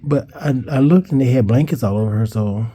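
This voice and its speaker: A man casually telling a personal story, rambling and cursing, with restarts and higher-pitched acted-out quotes. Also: brisk, dark tone, slightly rough. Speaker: vlogger telling a childhood story.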